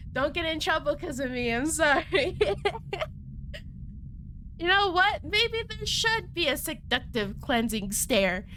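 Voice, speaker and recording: Speaking in a high-pitched voice over slight background noise, a woman streamer reads game text aloud and comments casually. Holding back laughter and staying quiet for the night, she giggles, stumbles over words and drifts into playful asides.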